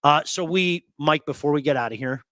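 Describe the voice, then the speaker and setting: A man hosting a casual hockey talk show, telling blunt, animated stories and repeating words for emphasis. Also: a little high, fairly quick, a little hiss or hum. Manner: blunt, swears.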